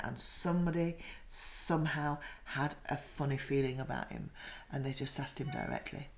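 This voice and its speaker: A woman's voice: deep voice, sing-song, moderate pace, vocal fry. An older woman recalls past events in a documentary interview, telling it with emphatic feeling. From Yorkshire. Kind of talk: recollection in an interview.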